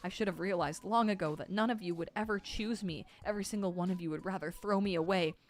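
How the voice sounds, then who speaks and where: A woman reading the lines of a distraught young male disciple, pleading and quavering, raised in pitch above her usual reading voice. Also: fast, natural voice. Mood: hurt.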